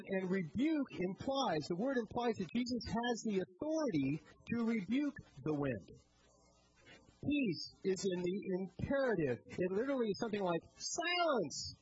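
A male pastor giving a sermon, telling the story in a lively way with many repeated words and restarts. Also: high voice. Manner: animated storytelling, rising to loud excitement. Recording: dull lo-fi sound with faint noise.

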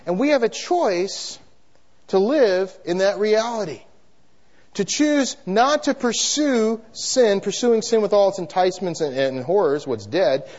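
A man preaching a sermon in an animated way, having the congregation repeat phrases after him. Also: on the high side, muffled recording. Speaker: pastor.

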